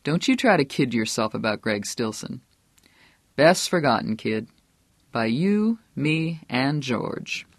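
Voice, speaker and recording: A man voicing a menacing small-town male politician who threatens a young man in a low, drawling voice, read as an audiobook. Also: a bit bright, dry recording. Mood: hard commanding. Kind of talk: audiobook character voice.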